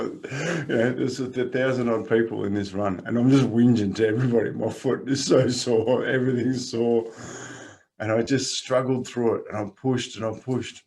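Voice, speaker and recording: Lively Australian man telling stories. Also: medium pitch. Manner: lively storyteller, laughs often; calm, encouraging guidance. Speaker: coach. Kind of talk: casual podcast chat.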